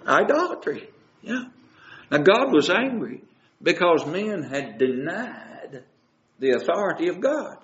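A man's voice: a little high, sing-song, measured pace, a bit bright, reverberant, muffled recording. A man preaching a sermon, asking his listeners question after question. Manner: asks the audience many questions.

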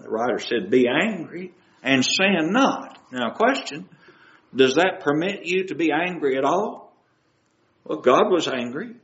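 A man's voice: mid-range voice, roomy sound, lo-fi sound. A man preaching a sermon, asking his listeners question after question. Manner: asks the audience many questions.

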